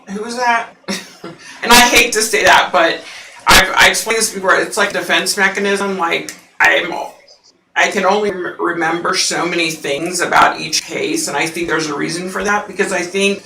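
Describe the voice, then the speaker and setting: A woman hosting a psychic livestream, chatting casually with viewers and laughing often; her voice sounds unusually deep through the mic. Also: gravelly, sharp tone, roomy sound, far from the mic, a little hiss or hum, low-quality recording.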